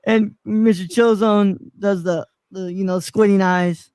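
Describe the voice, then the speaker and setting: A man's voice: high-pitched, fairly even intonation, measured pace, darkish tone, clear, resonant tone, no echo. Laid-back rambling male stream host. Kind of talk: casual chat.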